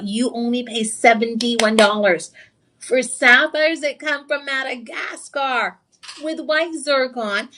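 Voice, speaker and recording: Her pitch fairly high, a woman hawks jewelry on a live shopping broadcast from the studio. She's excitable and chatty, letting viewers in on stories from her own life and adding sassy side comments.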